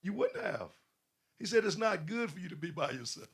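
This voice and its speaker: A man's voice: high-pitched, very animated, fairly quick, gravelly, slightly rough. A man preaching a sermon, questioning his listeners and building emphasis. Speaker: pastor.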